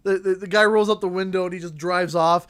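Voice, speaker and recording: A Canadian man telling a story on a casual livestream. His voice is bright and forceful. He acts out each person in the story, jumping into loud, drawn-out bits of dialogue. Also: high-pitched. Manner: animated, acts out the people in his stories. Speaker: streamer.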